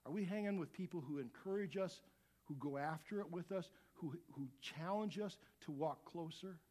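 A middle-aged man preaching a sermon as a pastor, animated, dropping to quiet asides and rising to loud shouts. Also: a little high, normal speed.

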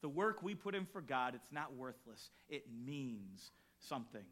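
A man, a pastor, preaching a sermon and telling a personal story, acting out the voices he quotes and swinging between loud bursts and hushed lines. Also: mid-range voice, big pitch swings, measured pace.

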